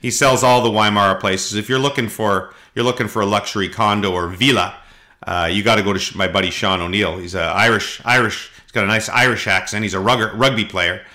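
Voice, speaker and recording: Bright-voiced man telling stories. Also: fairly low pitch, steady tone. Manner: rambling storyteller, frequent halting fillers, does voices in anecdotes. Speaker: podcast host. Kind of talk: casual podcast chat.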